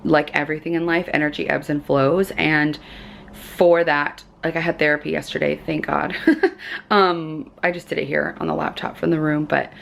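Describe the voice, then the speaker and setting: A woman chatting casually in a lifestyle vlog from her hotel room, her voice going hoarse, with lots of fillers. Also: deep voice, steady tone, moderate pace, a bit bright, a little hiss or hum. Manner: chatty, filler-heavy, upbeat. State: losing her voice. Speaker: lifestyle vlogger.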